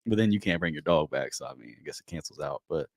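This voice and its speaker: A man's voice: a bass voice, expressive, quick pace, no echo, studio quality. A man hosting a podcast, chatting casually and telling laid-back stories with plenty of swearing. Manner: laid-back, profane storytelling. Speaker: podcast host. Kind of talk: casual chat.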